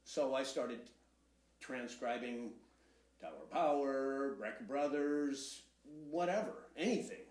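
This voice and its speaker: A man who is the guest in an interview, speaking in a relaxed, low-key way. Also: slow, echoey room. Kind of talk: casual interview talk.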